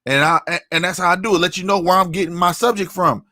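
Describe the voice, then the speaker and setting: A man's voice: sits high, fairly even intonation, fast, pushed and bright, no room sound, studio quality. A man giving a heated commentary rant, angry and profane, often tossing in "you know what I'm saying". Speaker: online commentator.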